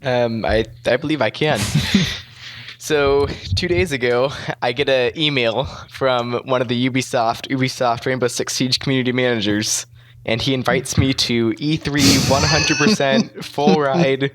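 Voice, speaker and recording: A man's voice: mid-range voice, fairly even intonation, a little slow, no room sound. A man co-hosting a podcast, chatting casually with plain, dry humor. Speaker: podcast co-host. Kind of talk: casual chat.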